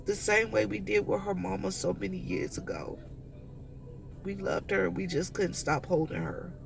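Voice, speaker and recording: A man telling a story to his viewers in a casual vlog, chatty and animated, talking to them directly. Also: sits high, normal speed, creaky, background noise. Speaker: vlogger.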